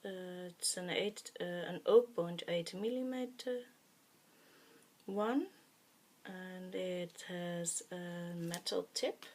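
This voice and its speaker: A woman's voice: on the low side, slow pace, a little mellow. A woman whose first language is Dutch, talking through a craft project in a casual, hesitant way with many fillers, muttering to herself as she works. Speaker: craft tutorial host.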